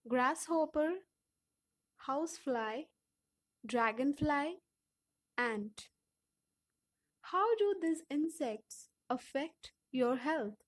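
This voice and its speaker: A woman with an Indian English accent reading textbook exercises aloud for an audiobook, slow and deliberate. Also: high voice. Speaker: audiobook reader.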